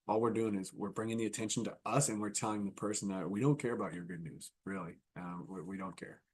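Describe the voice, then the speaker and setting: A man's voice: on the low side, fairly even intonation, fast, few pauses, darkish tone, husky. A man giving a conference talk in a conversational style, often checking in with his audience by asking "right?". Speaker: keynote speaker. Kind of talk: conference talk with acted examples.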